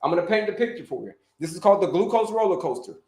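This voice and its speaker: A high-voiced man coaching viewers on a casual live stream, talking with energy and circling back over the same points. He grew up in Florida and keeps calling out to his audience. The sound bounces around an echoey room. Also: rapid-fire. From Orlando, Florida. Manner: energetic, repetitive, calls out to viewers. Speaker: health coach and livestream host.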